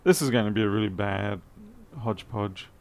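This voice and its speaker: Speaking briskly in a fairly low voice, a tired man livestreams an electronics repair late at night. He mutters while working and replies to chat with dry, self-deprecating comments.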